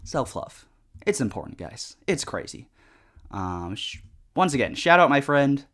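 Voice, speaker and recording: A man's voice: mid-range voice, sing-song, unhurried, fairly bright tone. A young man chatting casually while playing a game, rambling with lots of fillers and swearing at the game. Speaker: gaming vlogger. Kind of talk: casual chat over gameplay.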